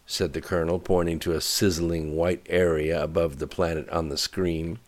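Male audiobook narrator, low voice, steady even read. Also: moderate pace, hardly any pauses. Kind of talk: scripted narration.

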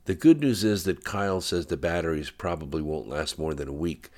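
A man with a very deep voice voicing a calm, careful husband sitting at his wife's hospital bed. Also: brisk, close to an everyday voice. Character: gentle worried husband, guarded with bad news.

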